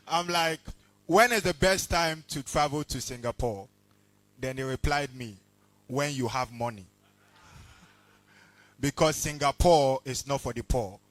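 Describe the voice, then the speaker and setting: A man doing relaxed stand-up, teasing audience members. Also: mid-range voice, slow pace, pauses often, no room sound. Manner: relaxed, teasing crowd work. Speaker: stand-up comedian. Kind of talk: stand-up comedy set with crowd work. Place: comedy awards stage before a live audience.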